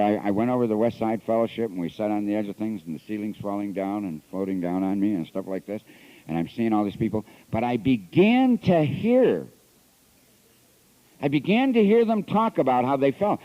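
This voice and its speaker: A priest telling his recovery story at a convention, earnest and confessional, swinging between hushed passages and emphatic ones, recorded on an old lo-fi tape. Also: fairly low pitch, big pitch swings, normal speed. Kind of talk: recovery talk. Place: convention hall. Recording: dull lo-fi 1980s tape recording.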